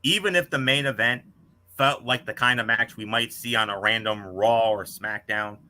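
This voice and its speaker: A man co-hosting a wrestling podcast, reading out a scripted match review with star ratings in a measured way. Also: fairly low pitch, pushed and bright.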